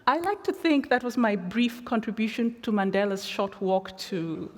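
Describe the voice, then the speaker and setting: Woman, guest lecturer; reflective, measured storytelling with dry humor; long theatre reverb. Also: medium pitch, expressive, background noise. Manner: measured, reflective, wry asides. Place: large theatre.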